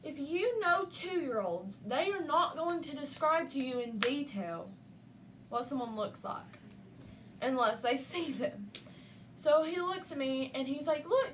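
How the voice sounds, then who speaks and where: A young woman casually telling a spooky story about her nephew, acting out his lines. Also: high-pitched. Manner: animated, acts out a child's lines. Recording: faint noise, voice from a distance.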